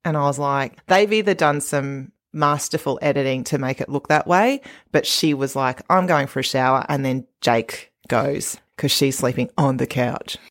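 Woman co-host, low voice, chatty recap talker who laughs often. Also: moderate pace, few pauses. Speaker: podcast co-host. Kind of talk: casual recap chat.

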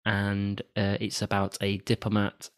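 A man's voice: lowish voice, monotone, unhurried, clean tone. A man hosting a casual film review chat, steering the talk with dry sarcastic asides. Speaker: film podcast host.

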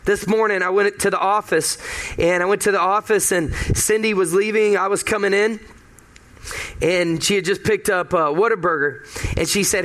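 A man's voice: sits high, fairly even intonation, normal speed, fairly bright tone. A male pastor giving a conversational sermon, emphatic and fond of repeating key phrases.

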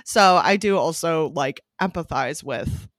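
A woman co-hosting a casual podcast, talking candidly and swearing freely, leaning on "like" and jumping up high when she quotes herself. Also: a little slow, dry recording, clean studio sound. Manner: animated, jumps high when quoting herself. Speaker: podcast co-host. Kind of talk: casual chat.

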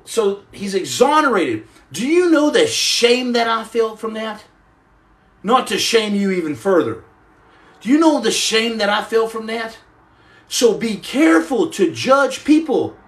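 A middle-aged man with a notably high voice talks to his audience in an earnest, preachy tone. He builds to loud emphatic questions, then sinks into soft, murmured asides. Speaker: podcast host answering live comments. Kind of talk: preachy live-stream chat.

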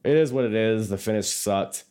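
A man's voice: fairly low pitch, moderate pace, dark tone, clean tone. A man co-hosting a casual podcast, rambling through a wrestling recap, self-mocking and laughing easily. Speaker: podcast co-host.

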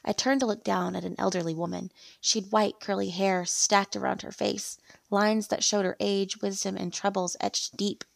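Gravelly woman reading a story. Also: medium pitch, normal speed, hardly any pauses, no echo. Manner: steady read-aloud storytelling. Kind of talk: first-person story narration.

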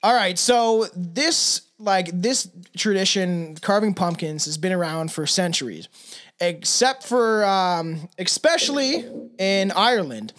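A man's voice: high-pitched, expressive, a bit bright. Crude laughing man hosting a casual podcast. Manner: crude, laughing often, drawn-out reading. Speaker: podcast co-host. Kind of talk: casual chat, reading a tale aloud.

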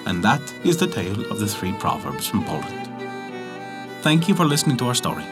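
A man hosting a folk tale podcast, narrating in an expressive, measured storytelling manner. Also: on the low side, slightly rough, soft background music. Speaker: storyteller host.

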